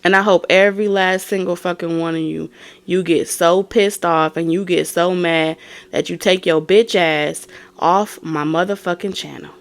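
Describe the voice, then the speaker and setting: A woman's voice: lowish voice, steady tone, moderate pace. Blunt, profane woman tarot reader. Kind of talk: profane tarot reading rant.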